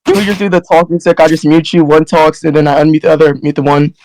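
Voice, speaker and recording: Man, voice-chat moderator, eager and repetitive, somewhat high voice, quick talker. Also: level tone, a little mellow, a little hiss or hum, poor audio. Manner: eager, repetitive, keeps telling others to chill. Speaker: debate moderator. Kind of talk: Discord voice-chat debate. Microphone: online voice chat.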